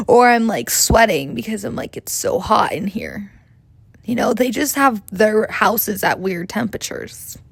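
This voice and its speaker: A fairly high-pitched woman with vocal fry, recorded dry, hosts a comedic podcast. She's in her twenties and her casual monologue is chatty, rambling, profane, and self-mocking.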